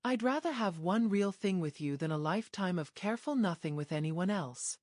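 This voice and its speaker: A woman's voice: lowish voice, expressive, normal speed, darkish tone, dry recording, studio quality. A woman narrator voicing a determined young woman who speaks earnestly and resolutely. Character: determined young woman choosing love over fear.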